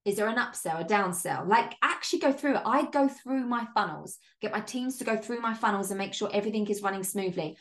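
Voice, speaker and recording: With an expressive, somewhat bright mid-range voice, this woman talks fairly quickly and barely pauses. She's a business coach running a solo podcast, chatty and emphatic, full of laughs, casual curses and "like."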